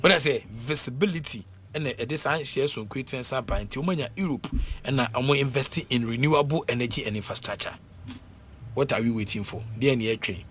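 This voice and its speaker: A man with a Ghanaian accent talking sports on the radio in a casual, animated way, laughing often and full of fillers and repeats. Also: medium pitch, brisk, a little hiss or hum. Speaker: radio sports show panelist. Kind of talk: casual radio sports talk mixing English and Twi.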